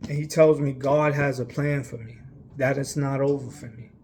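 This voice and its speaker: A man's voice: mid-range voice, steady tone, moderate pace, a little mellow. A young man telling a long personal story in a casual, rambling way, emphatic and full of fillers. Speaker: vlogger.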